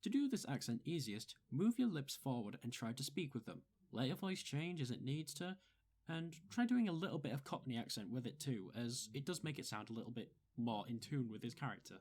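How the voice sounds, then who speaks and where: Guest tutor, man; calm, methodical explainer. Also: mid-range voice, fairly quick. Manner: methodical, instructive. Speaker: guest giving voice advice.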